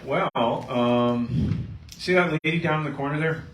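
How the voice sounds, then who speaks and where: A middle-aged male chiropractor talks to a seminar crowd, leaning into an animated patient story. He sits back from the mic, so the room's echo rings around his voice, and a faint hiss stays under it. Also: medium pitch, normal speed. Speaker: chiropractor giving a health seminar. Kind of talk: live seminar talk to an audience. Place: seminar room with a live audience. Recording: echoey room, mic at a distance, faint noise.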